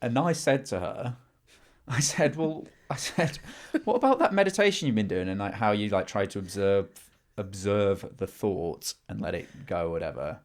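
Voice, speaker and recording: A man's voice: lowish voice, animated, moderate pace. A man co-hosting a podcast, chatting casually and telling wry, teasing stories. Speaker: podcast co-host, intern. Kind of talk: casual chat.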